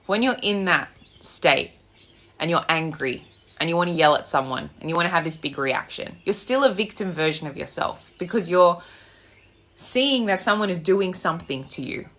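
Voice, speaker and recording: A woman's voice: lowish voice, animated, moderate pace, a bit bright. A young Australian woman, a manifestation coach, ranting bluntly on a live stream and swearing freely. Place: home with loud birds outside.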